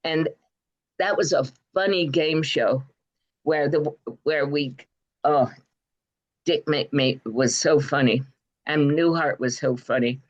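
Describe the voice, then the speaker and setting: Older english lady, low voice, rambling chatty stories, lots of ums. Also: takes it slowly, long pauses, muffled recording. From Bristol, England. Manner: rambling, hesitant, warm anecdotes with many fillers. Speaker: guest. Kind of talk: interview storytelling.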